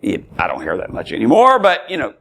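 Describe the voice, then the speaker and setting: A man leads a Bible study in a teaching sermon style. His voice sits at an ordinary pitch but moves a lot, climbing high on emphatic words. He speaks in short, repeated phrases with the odd filler. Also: wildly swooping pitch, fast, vocal fry, a bit bright. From Tennessee, US. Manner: emphatic, rises and falls sharply when reading scripture aloud.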